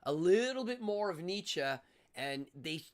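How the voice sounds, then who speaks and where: Male streamer, casual and opinionated, slightly higher voice, rambling delivery. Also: animated, a little slow. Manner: rambling, opinionated, with frequent fillers and restarts. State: out of breath. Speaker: livestream host. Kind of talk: casual livestream chat.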